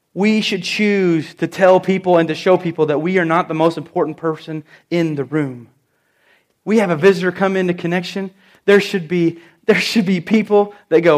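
A middle-aged man preaching a sermon in church, telling stories and stressing key phrases with slow, emphatic repeats. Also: high voice, fairly even intonation. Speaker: pastor.

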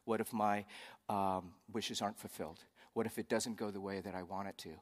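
A man's voice: on the low side, steady tone, a little fast, long reverb tail. A man pastor preaching a sermon in a conversational way, with joking asides.

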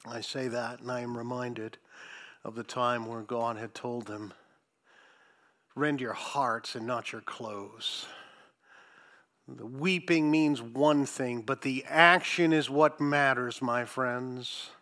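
A man preaching a sermon, reading scripture and commenting with sarcasm, swinging from loud emphasis to hushed asides. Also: medium pitch, steady tone, unhurried.

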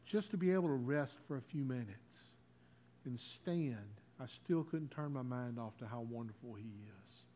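A man preaching a communion sermon in a church. He talks in a folksy way, leads the congregation in call-and-response, and swings between loud and hushed. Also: mid-range voice, lively intonation, normal speed, a little hiss or hum. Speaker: pastor.

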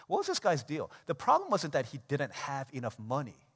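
A man preaching a sermon as a pastor, animated and conversational, acting out everyday scenes. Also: on the high side, a little fast, slightly rough. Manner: animated, acts out everyday scenes in quoted voices. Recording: long church hall reverb.

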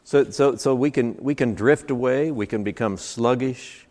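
A man preaching in a mid-pitched voice, pressing his points hard by stacking repeated phrases one after another. The sound rings with a long hall reverb, as if at a church service. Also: moderate pace, darkish tone. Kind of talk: sermon.

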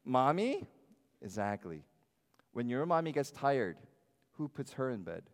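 A man preaching a sermon as pastor, animated and shifting his loudness, often acting out the voices of others. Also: mid-range voice, measured pace, big-room sound. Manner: animated, varies loudness, acts out quoted voices. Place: church sanctuary.

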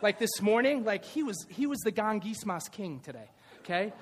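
High-voiced animated male preacher. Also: fast talker, soft background music. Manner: animated, shouting at peaks, playful asides. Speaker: pastor. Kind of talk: sermon. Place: church. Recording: reverberant church hall.

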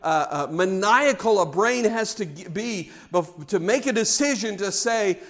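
A man preaching a sermon, emphatic, dropping to a hush and then rising loud. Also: high voice, lively intonation, a little slow, creaky, few pauses. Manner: emphatic, swings between hushed and loud.

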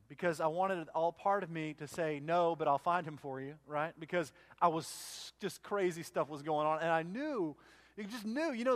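A man preaching in a church, speaking in a fairly high voice. He talks casually, restarting sentences and acting out both sides of a conversation as he tells the story. It sounds like plain sermon storytelling. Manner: conversational, restarts and quotes himself. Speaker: pastor.

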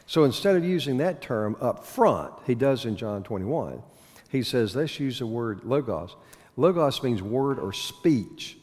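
A man teaches a Bible lesson in a medium-pitched, slightly mellow voice, unhurried and with lively intonation. He talks conversationally, asks his listeners questions, and slips in corny puns, all under the long reverb of a hall.

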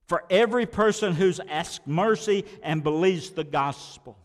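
A man preaching a sermon as pastor, emphatic, repeating words and swinging between loud declarations and quiet asides. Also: fairly high pitch, a little slow, few pauses, big-room sound.

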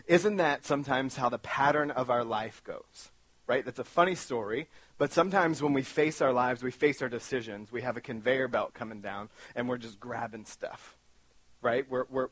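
A man giving a talk as a guest speaker, telling a story in an animated, self-mocking way and acting out his own panic. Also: mid-range voice, husky, no echo.

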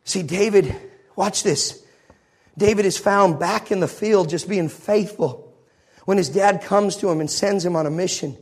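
Guy preaching a sermon, pretty high voice, kinda husky, tells it like a story. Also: a little slow. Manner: animated storytelling, acts out scenes. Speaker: pastor.

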